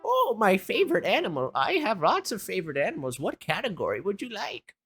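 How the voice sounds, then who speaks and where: A woman's voice: mid-range voice, very animated, brisk, slightly rough, faint music behind, voice pushed up. A woman voicing a forgetful, sweet old woman at her birthday party, rambling and calling people sweetheart. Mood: muddled.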